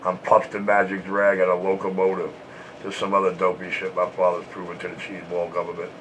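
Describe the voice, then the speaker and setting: A man's voice: low-pitched, completely flat delivery, brisk, fairly bright tone, slight background noise, poor audio. A man trash-talking and taunting in a repetitive, boastful way, short of breath from smoking.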